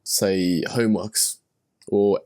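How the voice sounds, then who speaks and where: A man's voice: lowish voice, fairly even intonation, slow, darkish tone. A man hosting a podcast, talking loosely, with hesitant fillers and the odd curse word. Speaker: podcast host. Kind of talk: casual podcast conversation.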